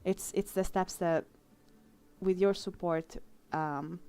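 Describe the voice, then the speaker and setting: Young woman art streamer, smooth clear voice, sincere and halting, casual live chat. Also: fairly low pitch, steady tone, dark tone. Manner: emotional, heartfelt, halting with fillers.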